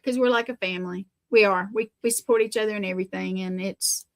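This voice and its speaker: A woman chatting casually on a podcast as a guest, talking in quick bursts and often trailing off mid-sentence. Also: mid-range voice, fairly even intonation, vocal fry. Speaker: guest psychic medium.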